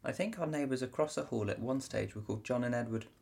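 A co-host with a strikingly deep, gravelly voice. She trades dry, teasing one-liners in a relaxed chat, and the low register sits well under her partner. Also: fast talker. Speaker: podcast co-host. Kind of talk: casual chat.

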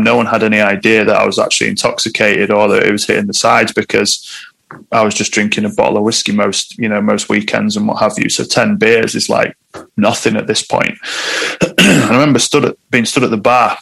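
A man's voice: lowish voice, vocal fry, fairly bright tone, poor audio. A man, a guest telling a personal story in conversation, candid and reflective.

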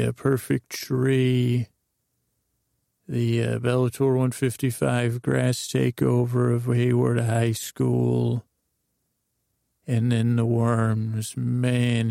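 A man hosting a podcast, telling a meandering bedtime story in a drowsy, rambling monotone full of fillers. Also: mid-range voice, vocal fry, no echo, studio quality. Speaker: podcast host.

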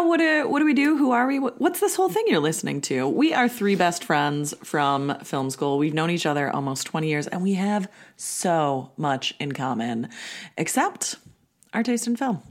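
A woman in her thirties hosting a podcast with friends, chatty and playful, rambling in a casual way. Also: low voice. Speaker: podcast host. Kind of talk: casual chat.

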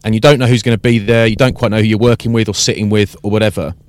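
A man hosting a casual podcast chat, telling an animated story and acting out the exchanges. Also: on the low side, very fast, clean tone, dry recording. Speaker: podcast host and rugby commentator.

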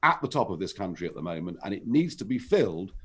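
Emphatic man with lively pitch. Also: fast talker, breathy edge. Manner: forceful, rising to emphatic peaks. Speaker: political guest. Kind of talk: talk radio interview.

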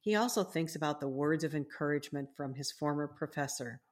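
A woman with a notably low-pitched voice reads aloud from her own book. She talks in a gentle, deliberate, teacherly way, like an author hosting her own podcast.

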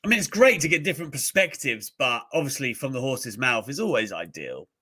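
A man's voice: medium pitch, fairly quick, breathy edge. A man co-hosting a casual live-streamed talk show, chatting loosely and reading out names from the live chat. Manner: animated, breaks into mocking impressions. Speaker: podcast co-host.

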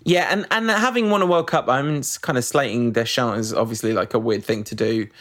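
A man's voice: mid-range voice, a little fast, fairly bright tone. A man hosting a casual football podcast, reading out listener questions with wry asides. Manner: chatty, wry, reads out listener messages with asides.

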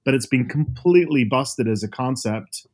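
Northern Irish man in his fifties, animated. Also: mid-range voice, moderate pace. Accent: Northern Irish, softened by years abroad. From Northern Ireland. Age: 50s. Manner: animated storyteller, lively asides. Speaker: guest author. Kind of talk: casual chat over a video call. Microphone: video call.

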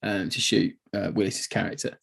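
Chatty man, breathy voice. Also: lowish voice, fairly even intonation, normal speed, fairly bright tone. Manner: chatty, laughs often, acts out quotes. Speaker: podcast co-host. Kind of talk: casual film review chat.

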